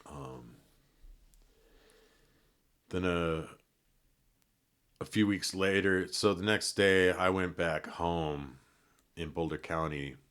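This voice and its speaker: Very deep-voiced laid-back man. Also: fairly bright tone. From Colorado. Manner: laid-back, rambling with fillers and restarts. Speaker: podcast guest. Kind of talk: casual storytelling.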